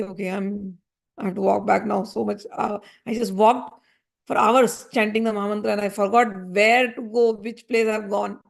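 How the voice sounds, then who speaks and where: A woman giving a spiritual discourse, earnest and gently reassuring, repeating her points. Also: fairly high pitch, vocal fry. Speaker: spiritual teacher.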